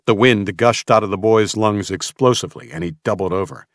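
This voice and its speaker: A man's voice: fairly low pitch, a little fast, dry recording, studio quality. A man narrating a tense audiobook in a dramatic storytelling manner.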